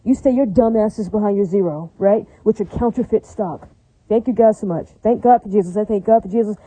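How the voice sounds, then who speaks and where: A woman's voice: mid-range voice, brisk, mellow, breathy edge, dry recording. A woman delivering an angry, repetitive, profane rant to her viewers in a vlog. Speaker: vlogger. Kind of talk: ranting vlog monologue. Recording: dull lo-fi recording.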